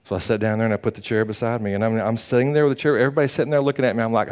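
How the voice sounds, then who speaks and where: Man, pastor, sermon, folksy storytelling, animated, acts out quotes. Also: medium pitch, very fast, few pauses, clear, resonant tone.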